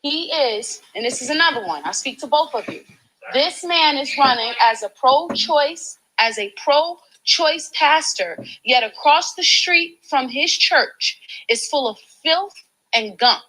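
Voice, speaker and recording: A woman's voice: high-pitched, expressive, measured pace, sharp tone, a little hiss or hum, poor audio. A woman activist confronting campaign volunteers, passionate and pleading in a preachy way, filmed on a handheld phone. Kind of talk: heated street confrontation.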